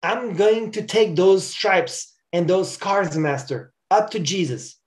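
A man's voice: high-pitched, expressive, slow pace, echoey room. A man reading aloud the lines of a faithful enslaved preacher from a story in a sermon, earnest and pleading. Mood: devoted.

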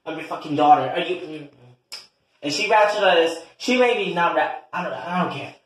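A man voicing a loud, furious young adult daughter who curses and confronts her father in a comedy skit. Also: a little high, lively intonation, moderate pace, voice pushed up. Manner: brash, profane, confrontational. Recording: echoey room.

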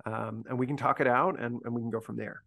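A man's voice: medium pitch, fairly even intonation, quick pace, creaky, fairly bright tone. A man briefing university faculty in a conversational discussion, earnest and thinking aloud with frequent restarts.

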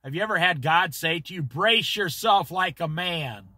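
A man's voice: on the high side, expressive, moderate pace, pushed and bright, no echo. A man leading an informal Bible study, preaching emphatically and talking straight to his listeners.

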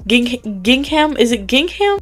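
A woman's voice: medium pitch, moderate pace, a little mellow. Rambling Southern young woman. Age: young adult. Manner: rambling, chatty, laughs often, slang-heavy. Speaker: YouTuber reviewing game items. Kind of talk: casual commentary. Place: home at night.

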